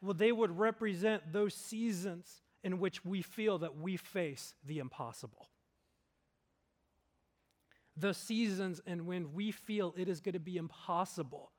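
Preaching earnestly from the pulpit, this pastor has a notably high voice. He climbs to loud, emphatic peaks before sinking into a low, slow delivery for the lines that carry the most weight.

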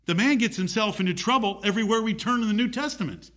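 A man's voice: sits high, fast, fairly bright tone. A man preaching a sermon, rising emphatically on key points.

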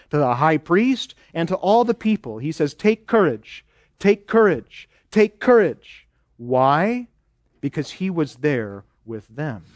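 A man's voice: fairly high pitch, dry recording, clean studio sound. A man preaching a sermon as pastor, earnest and building to emphatic repeated exhortations.

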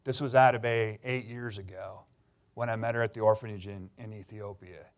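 Speaking a little fast in a lowish, steady voice, a middle-aged Canadian man delivers a sermon as a pastor. He tells personal stories earnestly, at times with emotion.

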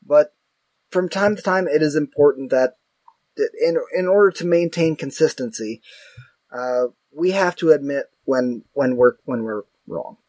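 A man chatting casually about movies as a podcast co-host, rambling and self-mocking with animated asides. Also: a little high, a little slow, no room sound.

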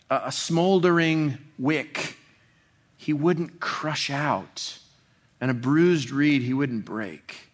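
A man preaching an expository sermon in a conversational way, full of restarts, dropping soft and slow on tender passages. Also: mid-range voice. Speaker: pastor.

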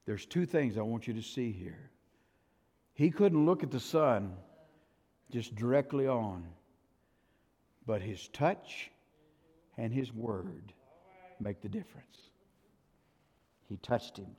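A man preaching a sermon as pastor, telling the story dramatically with loud, high bursts and quiet, plain-spoken asides. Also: lively intonation, takes it slowly, pauses often, slightly rough. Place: church sanctuary. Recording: long hall reverb.

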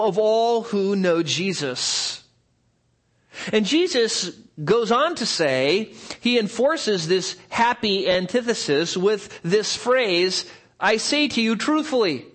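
A pastor preaching a sermon at a church service, explaining earnestly and asking rhetorical questions. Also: male voice, sits high, fairly bright tone.

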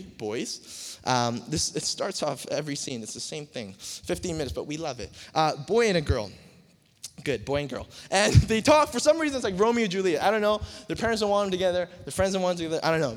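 A young man preaches to a youth crowd in a lively, joking way, breaking into acted-out scenes and sudden shouts. His voice sits high for a man. It echoes with a long reverb through a large hall. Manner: animated, joking, acts out movie scenes with shouts. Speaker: youth pastor.

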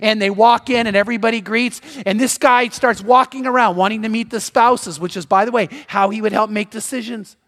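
A man preaching a sermon as pastor, telling a story in an animated way and acting out the voices of the people in it. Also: high voice, brisk, few pauses. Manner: animated, acts out quoted voices. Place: church sanctuary. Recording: long reverb of a large hall.

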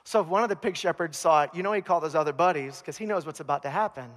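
A man preaching a sermon as pastor, telling the story with humor and animated asides. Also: on the high side, rapid-fire, big-room sound. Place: church.

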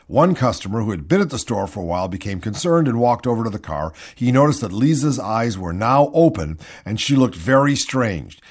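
A man's voice: medium pitch, no echo, clean studio sound. A man hosting a comic radio talk show, reading news items and telling stories with sardonic, mocking commentary.

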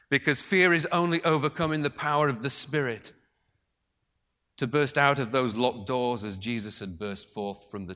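A man delivers a sermon at a slow, deliberate pace. His voice is bright and forceful, and it swings from raised, emphatic lines to hushed, breathy near-whispers. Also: medium pitch. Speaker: preacher.

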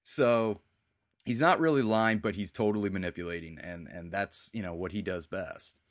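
Guy with a lowish voice rambling thru a tv recap, dry close sound. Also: normal speed, dry recording. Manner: rambling, retells scenes with quoted lines. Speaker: podcast host. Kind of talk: casual TV recap chat.

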